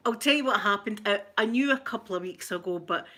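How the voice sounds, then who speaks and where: A middle-aged Scottish woman hosting a casual livestream chat, excitedly gushing and greeting viewers by name. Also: mid-range voice, fast. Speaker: ASMR livestream host.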